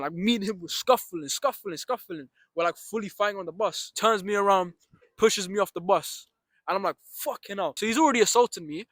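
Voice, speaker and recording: A young man telling a story about his day, swearing freely and acting out the shouts and the other voices. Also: high voice, no echo. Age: young adult. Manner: swears freely, retells with reenacted shouts and asides. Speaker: storyteller vlogger. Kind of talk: animated storytime monologue.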